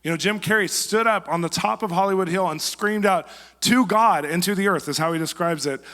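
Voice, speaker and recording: The guest preacher, a man with a high-pitched voice, talks a little fast with few pauses as he weaves lively stories and acted quotes into a conversational sermon. He is recorded in a church sanctuary with long reverb.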